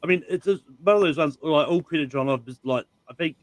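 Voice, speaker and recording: A man chatting on a panel, halting and full of ums and likes. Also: fairly high pitch, no echo, low-quality recording. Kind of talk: casual chat.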